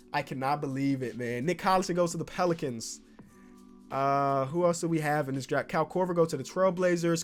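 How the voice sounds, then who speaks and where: A man giving excitable gaming commentary as a basketball YouTuber, now and then bursting into loud shouts. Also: a little high.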